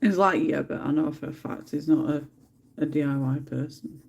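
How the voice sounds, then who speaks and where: A woman's voice: sits low, moderate pace, vocal fry, darkish tone, a little hiss or hum. A woman hosting a casual livestream from her home, chatting and telling stories in a giggly way while she colours. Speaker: livestream host. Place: home room.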